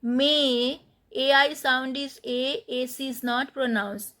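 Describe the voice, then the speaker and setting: Woman, language teacher; high voice, unhurried, spells and repeats words for beginners. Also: steady tone, pushed and bright. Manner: slow, spelling out letters and repeating words for learners. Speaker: French teacher. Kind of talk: spoken lesson on French pronunciation.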